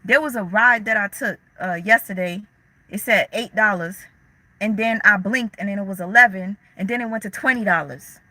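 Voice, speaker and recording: Bright, slangy woman chatting on a livestream. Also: medium pitch, moderate pace, dry recording, poor audio. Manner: candid, slangy, reads and answers chat comments. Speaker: livestream host. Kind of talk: casual livestream chat.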